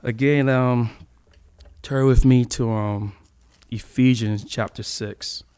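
A man delivers a sermon to his church in a relaxed, chatty way. His voice sits at an ordinary middle pitch, and he laughs easily between points. He slows down and stretches out the words he wants to land. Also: clear, resonant tone. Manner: conversational, laughs often, draws out key words. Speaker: preacher.

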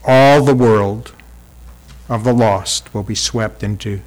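A man's voice: on the low side, slow, a little mellow. A man preaching a sermon in a church hall. He talks emphatically and asks the congregation rhetorical questions. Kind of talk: sermon with visual aids.

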